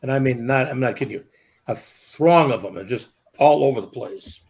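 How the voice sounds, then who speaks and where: A man's voice: mid-range voice, normal speed, vocal fry, a little mellow. A man co-hosting a podcast, teasingly telling stories about his friend in casual chat. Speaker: podcast co-host.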